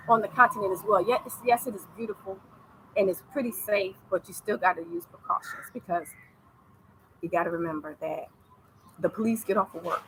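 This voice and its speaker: A woman's voice: mid-range voice, sharp tone, a little hiss or hum, rough recording. An American woman giving casual advice in a vlog, chatty and repetitive, laughing easily. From United States. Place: living abroad in East Africa.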